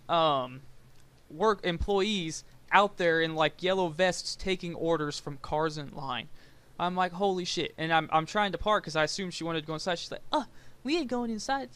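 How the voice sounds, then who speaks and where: A man's voice: on the high side, fairly bright tone, smooth. A young man hosting a game let's play, rambling through a casual story, swearing and laughing at himself. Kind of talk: casual storytelling over gameplay.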